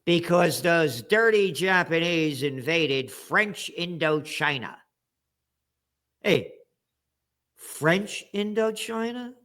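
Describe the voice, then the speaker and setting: A man giving ranting political commentary as an interview guest, sarcastic, with bursts of shouting. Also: on the high side, animated, slow.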